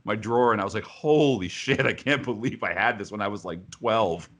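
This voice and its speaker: A man's voice: fairly low pitch, brisk. A man co-hosting a podcast, chatting casually and animatedly while telling a joke. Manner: chatty, animated, laughs often. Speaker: podcast co-host. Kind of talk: casual chat.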